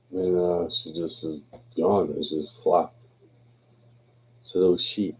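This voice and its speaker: A man's voice: sits low, flat delivery, slow, pauses often, darkish tone, breathy edge, poor audio. A tipsy man hosting a livestream, rambling in a laid-back, profane way. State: tipsy from drinking. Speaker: livestream host. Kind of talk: rambling casual livestream chat.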